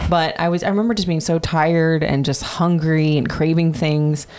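A woman's voice: deep voice, fairly even intonation, normal speed, a little mellow, clear, resonant tone. A woman in her thirties casually telling a personal story on a podcast, chatty and profane with many fillers. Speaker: podcast host.

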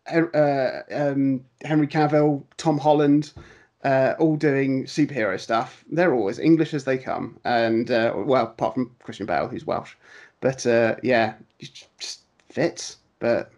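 A man's voice: mid-range voice, measured pace, darkish tone, muffled recording. A man co-hosting a podcast who chats casually, hesitating and repeating himself. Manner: hesitant, laughing, repetitive. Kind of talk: casual chat.

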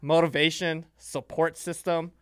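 A military veteran talking in a casual podcast chat. He speaks earnestly and haltingly, repeating words and restarting. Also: on the high side, flat delivery, clean tone, dry recording, studio quality.

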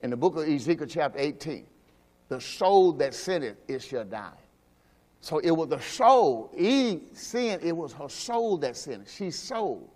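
A man preaching a sermon as pastor. He talks emphatically, asks the congregation questions, and drops into low quiet asides. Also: very animated, a little slow. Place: church sanctuary. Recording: long hall reverb from a church service.

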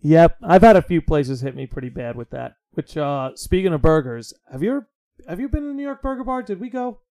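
Young guy hosting a chat podcast, kinda high voice, swears a ton, gets worked up telling stories. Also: fairly quick. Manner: profane, animated storytelling. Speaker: podcast host. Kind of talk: casual chat.

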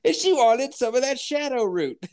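A woman chatting casually, teasing and quick to laugh, asking pointed questions. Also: sits high, animated, darkish tone. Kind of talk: casual chat.

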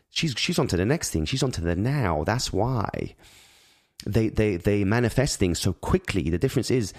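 A man's voice: fairly low pitch, lively intonation, moderate pace, darkish tone, dry recording, clean studio sound. A father speaking in an earnest, reflective monologue on parenting, rambling with many restarts and repeated words.

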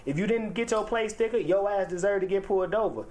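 A man's voice: high-pitched, fast, darkish tone. A man hosting a heated casual debate, insistent and argumentative. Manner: insistent, argumentative, keeps claiming the floor.

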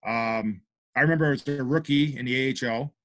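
In this dry recording, the former hockey player chats casually as a podcast guest, his mid-range voice running a little fast. Full of fillers, he spins stories animatedly and acts out what people said.

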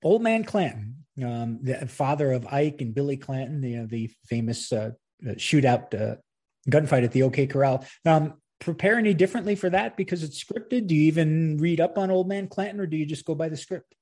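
A man's voice: fairly high pitch, brisk, a little mellow. A man hosting a casual interview, chatty, with many fillers and frequent laughs. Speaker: interviewer, filmmaker.

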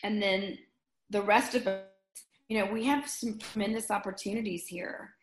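A middle-aged woman speaks earnestly in a relaxed conversation, telling a personal story with real feeling. She restarts her sentences often as she searches for words. Her voice carries a noticeable roomy echo. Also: mid-range voice, normal speed, over music. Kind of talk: casual conversation.

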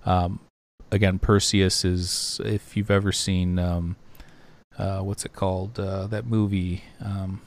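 A man co-hosting a podcast, talking through slides in a loose, rambling way with lots of fillers and pauses. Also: sits low, little pitch movement. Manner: rambling, hesitant, many fillers. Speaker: podcast co-host. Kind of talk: casual podcast discussion.

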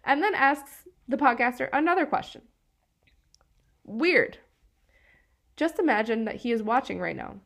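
A woman's voice: a little high, animated, a little slow, vocal fry, long pauses, fairly bright tone. A woman from northeastern Pennsylvania co-hosting a true-crime podcast, chatting casually with lots of fillers. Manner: chatty, filler-heavy, laughs often. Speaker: podcast co-host.

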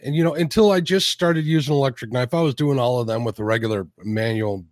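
A man's voice: medium pitch, fast, darkish tone, dry recording. Chatty male host, dry close sound. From Illinois. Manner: chatty, rambling with restarts. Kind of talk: casual livestream interview.

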